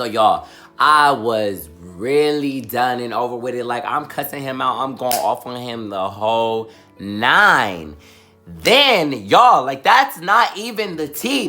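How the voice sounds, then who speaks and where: A young man vlogger telling a dramatic personal storytime, animated and full of fillers. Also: medium pitch. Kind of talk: storytime vlog.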